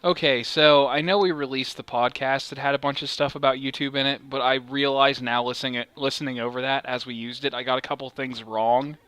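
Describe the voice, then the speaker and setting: A man's voice: mid-range voice, fairly even intonation, brisk, hardly any pauses, fairly bright tone, clean tone. A man co-hosting a let's play, chatting casually in a rambling, profane, self-mocking way. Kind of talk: casual gaming chat.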